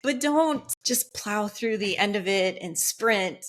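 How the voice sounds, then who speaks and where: A woman speaks at a medium pitch as a podcast guest. She tells her story in an upbeat, earnest, conversational way. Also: expressive, slow. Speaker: podcast guest, Ironman athlete. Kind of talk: casual podcast chat.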